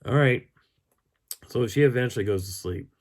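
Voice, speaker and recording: A hoarse man telling a camping story in a casual, animated way, chuckling as he goes. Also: medium pitch, normal speed. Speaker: channel host.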